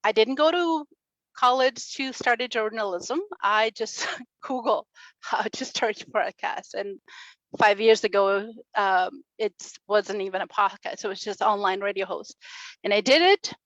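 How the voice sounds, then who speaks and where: A woman in her forties giving a motivational talk at a summit, telling her story with warmth, laughter and acted-out quotes. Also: mid-range voice, a little slow, no echo, muffled recording. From Chile. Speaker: speaker at a summit, radio and podcast host. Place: stage at a summit.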